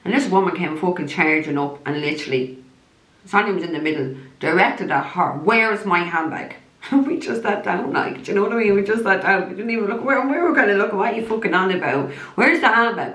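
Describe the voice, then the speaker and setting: A woman's voice: mid-range voice, a little fast, a bit bright. An Irish woman, a psychic medium, ranting bluntly to camera, swearing heavily in a heated tone. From Ireland. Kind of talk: angry direct-to-camera rant. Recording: roomy echo.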